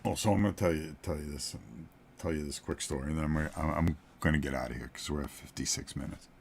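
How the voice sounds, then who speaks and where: Deep-voiced joking man in his sixties. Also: fast talker, darkish tone, slight background noise. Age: 60s. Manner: joking, chuckles between sentences. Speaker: board game channel host. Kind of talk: casual storytelling chat to viewers.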